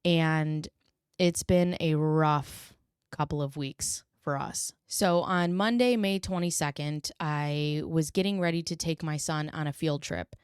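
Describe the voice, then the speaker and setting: A woman's voice: sits low, unhurried, darkish tone, smooth, no echo, clean studio sound. A young woman hosting a podcast, telling a story casually with fillers and swearing, acting out quoted lines in a raised voice. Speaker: podcast host.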